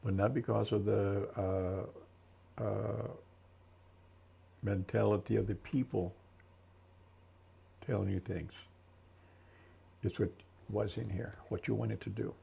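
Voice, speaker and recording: A man in his seventies, an interview guest and military veteran, telling his story slowly and thoughtfully with many restarts in a gravelly voice. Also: on the low side, level tone. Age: 70s. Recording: dull lo-fi recording.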